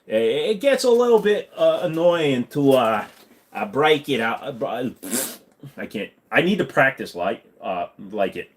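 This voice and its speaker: A man's voice: medium pitch, big pitch swings, measured pace. An American man hosting a casual live-stream Q&A, rambling and swearing freely. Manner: rambling and profane.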